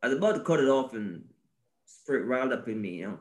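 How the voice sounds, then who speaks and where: A male podcast co-host in faith-based conversation, animated and preachy, acting out little scenes and repeating his key phrases. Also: mid-range voice, fast.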